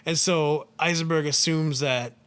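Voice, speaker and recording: A man's voice: on the high side, fairly even intonation, unhurried, fairly bright tone, smooth. A man co-hosting a podcast, casually retelling a film's plot with lots of "like" and "um". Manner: rambling, heavy use of "like" and "um". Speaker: podcast co-host.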